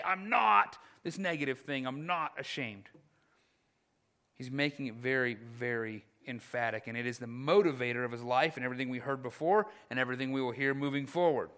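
Bright-voiced male pastor preaching dynamically. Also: medium pitch, brisk, hardly any pauses. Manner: dynamic preaching, swinging from loud to hushed. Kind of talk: sermon.

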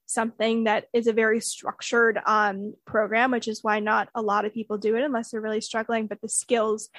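A woman's voice: a little high, flat delivery, moderate pace, fairly bright tone, no room sound. Earnest woman explaining, dry close sound. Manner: earnest, explanatory, frequent fillers. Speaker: guest sharing therapy experience. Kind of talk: casual conversational explanation.

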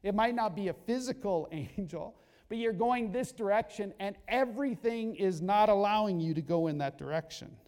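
A male pastor preaches with animated storytelling and playful asides. His voice sits fairly high for a man, and it echoes through a church hall with a long reverb tail. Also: moderate pace. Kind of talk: sermon.

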